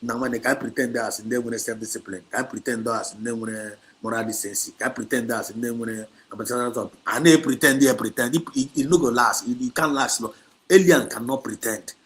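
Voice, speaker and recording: A man's voice: medium pitch, a little fast, a bit bright. A man with a Nigerian Igbo accent, hosting a livestream talk, preaching emphatically and scolding, with lots of repetition. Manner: switches between Igbo and English, repetitive and emphatic; exhorting and scolding. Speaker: activist livestream host.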